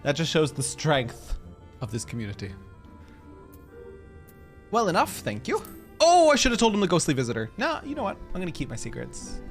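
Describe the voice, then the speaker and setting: Speaking at normal speed with long pauses, this woman has a deep voice whose pitch swoops wildly. She's livestreaming a game with music behind her, goofing around and chatting casually with viewers.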